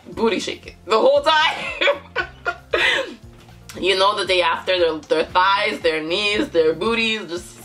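A young woman hosting a casual reaction vlog, giggling often and breaking into high exclamations. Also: bright, forceful tone. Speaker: YouTube reaction host.

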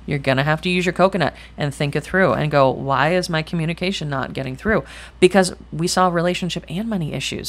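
A middle-aged tarot reader speaks to camera in a deep, fairly bright voice with vocal fry. Her reading is chatty and rambling, full of thinking aloud, blunt remarks and casual swearing.

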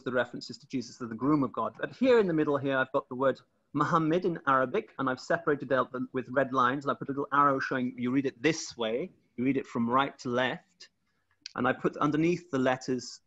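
A man's voice: mid-range voice, fairly bright tone, lo-fi sound. A man presenting his research over a video call, explaining step by step with frequent restarts.

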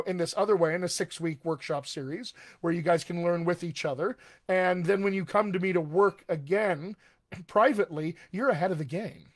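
A dialect coach with a voice that sits high gives an upbeat, conversational live-streamed talk. He speaks straight to his viewers.

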